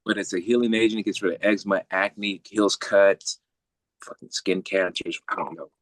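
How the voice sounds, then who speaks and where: A man's voice: low-pitched, fairly even intonation, moderate pace, no echo. A man telling a personal story as a podcast guest in casual, blunt, profane street slang. He keeps checking in with "right?".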